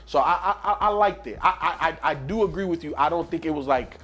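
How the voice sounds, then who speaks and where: A man co-hosting a podcast, talking in a relaxed way, often saying "you know what I'm saying". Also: on the high side, brisk. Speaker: podcast co-host. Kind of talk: casual chat.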